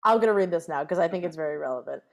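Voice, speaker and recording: Animated woman podcast co-host. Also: lowish voice, racing, vocal fry. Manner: animated, full of fillers and swearing. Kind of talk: casual chat.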